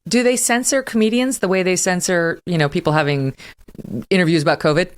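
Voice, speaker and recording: A woman hosts a talk-show interview in a somewhat low voice. She chats easily but asks pointed questions. She steers each turn toward the next topic. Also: fairly quick, clear, resonant tone. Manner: chatty, pointed, leads the questions. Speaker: host.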